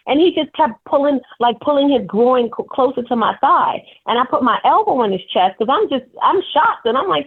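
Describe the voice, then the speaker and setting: A woman comedian calling in as a guest, candidly telling animated stories about her work. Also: sits high, brisk, hardly any pauses, husky. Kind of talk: phone interview storytelling. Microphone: telephone. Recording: tinny phone line.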